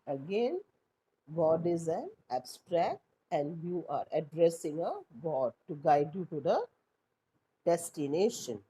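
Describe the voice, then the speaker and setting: A woman, teaching a class and explaining slowly with rhetorical questions. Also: sits low, very animated, mellow, a little hiss or hum, low-quality recording. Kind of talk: classroom lesson.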